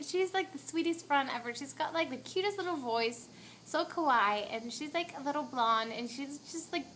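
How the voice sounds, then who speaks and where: A woman's voice: high voice, fairly bright tone, a little hiss or hum, low-quality recording. A teenage girl, venting in a rambling, dramatic storytime vlog, acting out quotes and dropping to a whisper at times.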